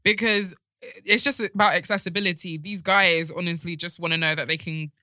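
A woman's voice: on the low side, steady tone, brisk, pushed and bright, no echo, studio quality. A woman co-hosting a podcast, chatty and blunt in casual chat. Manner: chatty, blunt, laughs easily. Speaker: podcast co-host.

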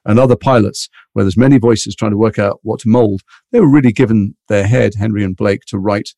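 A Liverpool-born English actor, here as an interview guest, tells stories in a fast, rambling, animated way during casual chat. His mixed British accent carries mild Liverpool and London traces, and his voice sits on the low side with vocal fry. The studio-quality recording has no echo.

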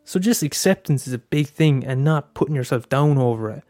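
A man's voice: mid-range voice, lively intonation, a little fast, a little mellow, dry recording, faint music behind. A young Irish man hosting a casual solo podcast, talking candidly with frequent swearing and stammered restarts. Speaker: podcast host.

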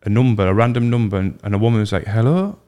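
A young man hosting a casual podcast, telling animated stories and mimicking voices. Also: on the low side, very fast, clear, resonant tone. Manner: animated storyteller, mimics voices in his anecdotes. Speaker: podcast host. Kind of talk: casual chat, storytelling.

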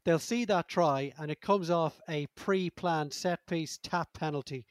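A man's voice: fairly high pitch, a little slow, no echo, clean studio sound. A man hosting a rugby podcast, speaking fluently and steering the talk. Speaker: podcast host. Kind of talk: podcast discussion.

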